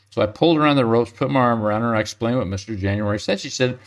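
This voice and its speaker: Older man, mid-pitched, relaxed storytelling, chuckles and restarts, close mic. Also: fast talker, hardly any pauses. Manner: chatty, chuckles often, restarts mid-sentence. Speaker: interview guest, retired pro golfer.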